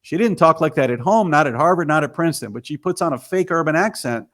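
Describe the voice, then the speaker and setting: A man's voice: fairly high pitch, animated, fast, a bit bright. A man, a filmmaker and author, telling his story emphatically as an interview guest.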